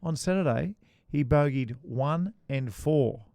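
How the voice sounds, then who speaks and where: A man's voice: fairly high pitch, lively intonation, creaky, warm tone, smooth, no echo. A man co-hosting a golf podcast, chatting casually and joking with his co-host. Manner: chatty, joking, quick asides.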